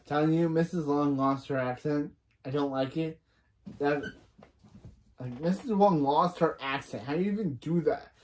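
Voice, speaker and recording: Mellow-voiced reviewer recapping a TV episode. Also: medium pitch. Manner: retells scenes line by line, with frequent restarts and opinion asides. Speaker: reaction reviewer. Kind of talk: casual episode recap and commentary.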